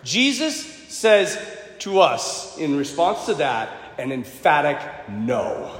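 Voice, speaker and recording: A man preaching a passionate sermon to students and graduates, rising to shouts and acting out quoted voices. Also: high-pitched. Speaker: priest. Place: large church. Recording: echoey church with long reverb.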